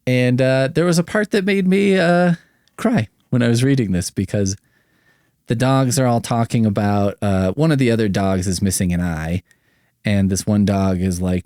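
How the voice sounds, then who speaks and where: A man's voice: medium pitch, normal speed, darkish tone, no echo, clean studio sound. A man hosting a solo podcast, rambling and swearing casually, and making fun of himself. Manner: rambling, profane, self-mocking. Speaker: podcast host.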